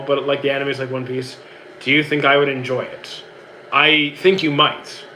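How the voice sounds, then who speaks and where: A man's voice: fairly high pitch, pushed and bright, a little hiss or hum, rough recording. A young man from Canada, a streamer casually answering chat questions in an easygoing, rambling way with many restarts.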